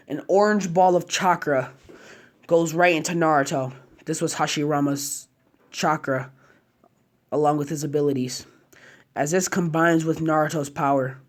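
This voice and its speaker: A man narrating a fan-made story casually, chaining run-on clauses with slang and fillers. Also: on the high side.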